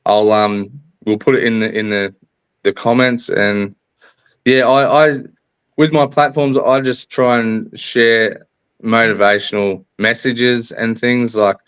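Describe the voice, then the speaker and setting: A man's voice: mid-range voice, fairly even intonation, takes it slowly, fairly bright tone, smooth, no room sound. An Australian man talking as a podcast guest over a recorded online call, sharing motivational messages in an earnest, upbeat way. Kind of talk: casual interview talk. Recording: dull lo-fi call audio.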